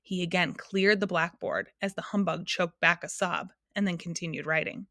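Woman, storybook reading, calm and expressive, dry close sound. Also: fairly low pitch, normal speed, dry recording. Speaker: narrator.

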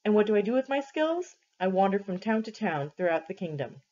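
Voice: medium pitch, big pitch swings, a little fast, warm tone, lightly acted. A reader doing a boisterous big-bellied juggler. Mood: boastful. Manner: leering, demanding, boastful. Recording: dull lo-fi recording.

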